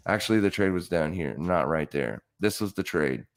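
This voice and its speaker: A man's voice: sits low, expressive, normal speed, creaky. A man hosting a live trading stream, talking through charts in a blunt, casual coaching way, repeating himself for emphasis.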